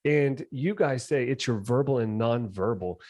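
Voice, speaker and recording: A man's voice: mid-range voice, a little slow, a little mellow, no echo, studio quality. A man hosting an interview, talking casually and rambling, with restarts, lots of "you know" and acted-out quotes. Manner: acts out quoted reactions. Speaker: podcast host.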